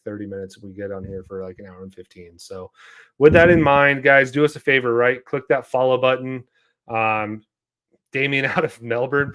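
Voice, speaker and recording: A man's voice: medium pitch, a bit bright. A man hosting a casual podcast, talking loosely with plenty of fillers and plugging the show to listeners. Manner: loose and chatty, many fillers. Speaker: podcast host.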